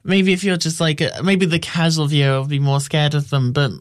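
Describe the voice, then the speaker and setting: A man's voice: on the high side, flat delivery, fairly quick. A man giving a casual spoken film review, wry and rambling, often restarting his sentences.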